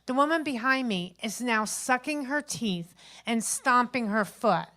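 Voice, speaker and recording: A woman in her fifties delivers a rambling stand-up story at a small open mic. Her voice sits a little high, and she is chatty and animated, slipping into the voices of the people she describes. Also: measured pace. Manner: chatty, animated retelling with acted-out quotes. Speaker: stand-up comedian. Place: open mic stage at a local venue.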